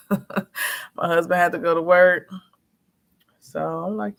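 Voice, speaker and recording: A woman chatting casually as a vlogger, frank and animated, acting out quotes as she tells her story. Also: lowish voice, slow pace, gravelly. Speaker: notary and vlogger.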